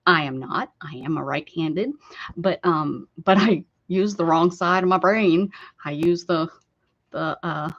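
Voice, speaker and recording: In an unhurried, lowish voice, a woman with an American accent rambles casually on an art stream, laughing and reacting to viewer comments. The stream audio is lo-fi and slightly dull.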